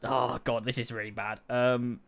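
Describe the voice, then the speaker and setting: A man co-hosting a laid-back podcast, his voice sitting at an ordinary middle pitch. He rants and swears freely, often stopping and restarting his sentences. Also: level tone, moderate pace. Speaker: podcast co-host. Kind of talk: casual podcast chat.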